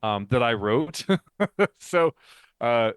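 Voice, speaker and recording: A man's voice: medium pitch, expressive, slow pace, smooth, no echo. A man co-hosting a faith podcast, explaining ideas in casual chat, talkative and laughing often. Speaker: podcast co-host and author.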